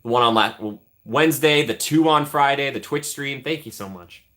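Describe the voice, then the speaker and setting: A man hosting a casual live stream jokes around and thanks his chat often, trailing off into asides. His voice is mid-range with a sharp tone, and he speaks at a moderate pace.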